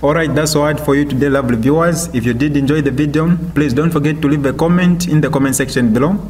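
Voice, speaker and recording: A man with a Zambian accent, the channel host, giving a brisk, upbeat outro. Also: a little high, darkish tone, faint music behind.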